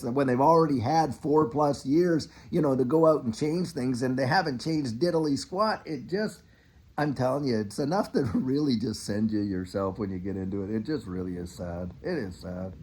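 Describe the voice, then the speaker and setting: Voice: medium pitch, moderate pace. A middle-aged finance channel host ranting in a casual commentary monologue, now and then mocking officials in a put-on voice. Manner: animated, ranting, mock-quoting officials.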